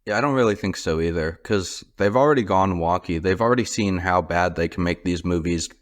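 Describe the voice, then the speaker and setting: Male podcast host, very low voice, relaxed and wry. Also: a little fast, no room sound. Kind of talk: casual chat.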